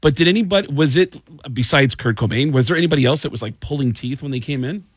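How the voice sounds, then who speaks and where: Husky man telling animated stories. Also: medium pitch, fast talker, dry recording. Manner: animated storyteller, does voices. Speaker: podcast host. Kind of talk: casual chat.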